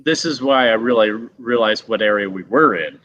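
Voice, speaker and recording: A middle-aged man, a guest actor, telling stories casually in an animated way, acting out voices and laughing often. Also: fairly low pitch, normal speed, dull audio.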